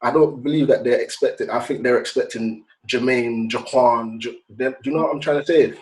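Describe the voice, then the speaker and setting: A man's voice: mid-range voice, fairly even intonation, brisk, a little hiss or hum, rough recording. A British man with a mid-range voice speaks as a podcast guest. He argues earnestly and keeps posing rhetorical questions to the room. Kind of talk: podcast conversation.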